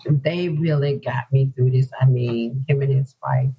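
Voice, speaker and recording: A woman's voice: very deep voice, measured pace, breathy edge. A woman author from North Carolina talking earnestly about her own hard journey in an interview, often repeating herself for emphasis. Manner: earnest, repetitive, heartfelt. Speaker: author guest. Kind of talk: emotional personal interview talk. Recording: dull lo-fi podcast audio.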